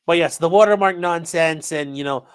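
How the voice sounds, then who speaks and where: A man's voice: on the high side, normal speed, smooth. A man giving casual, sarcastic legal commentary on a livestream, talking straight to his chat. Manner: casual, sarcastic, lively asides.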